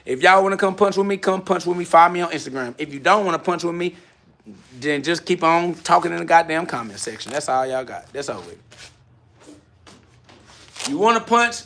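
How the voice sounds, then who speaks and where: A man rants on a live stream from his home garage gym, boastful and confrontational as he answers viewers' comments. His voice sits high for a man, with a gravelly crackle and a bright, forceful edge. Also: expressive, brisk, pauses often. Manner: brash, boastful, repetitive. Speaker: livestream host.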